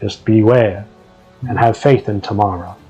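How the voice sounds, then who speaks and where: A man voicing a weary male orc guard captain, speaking in a low, stern murmur. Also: fairly even intonation, unhurried, mellow, husky, muffled recording, faint music behind. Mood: grim warning. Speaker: game master.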